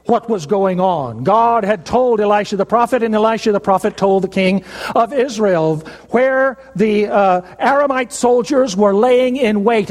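A man preaching a sermon, telling a story emphatically with dramatic pauses. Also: high voice, big-room sound.

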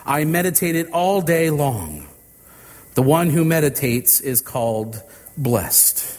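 A man preaching a sermon, slow and deliberate, with dramatic pauses between phrases. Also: on the high side, very animated, a little mellow, in a large hall.

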